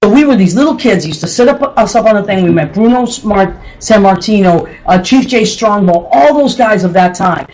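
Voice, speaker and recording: A woman's voice: medium pitch, brisk, hardly any pauses. A woman host, telling family stories with jokes and laughter. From Boston area. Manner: animated, joking, laughing often. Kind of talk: lively family storytelling on a show. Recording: noisy room.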